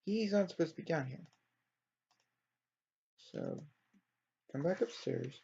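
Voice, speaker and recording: A man with a somewhat high, darkish voice casually narrates a story he's building in a life-simulation game. He rambles, keeps correcting himself, and sounds apologetic, like a let's-play storyteller. The lo-fi recording is dull.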